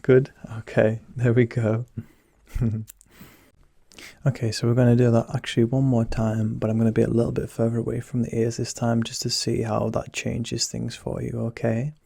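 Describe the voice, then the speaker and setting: A young man whispers as a playful, teasing doctor in a soft, husky register that is low, slightly gravelly, and darkly mellow. Recorded close and dry without echo, he keeps a monotone and a moderate pace.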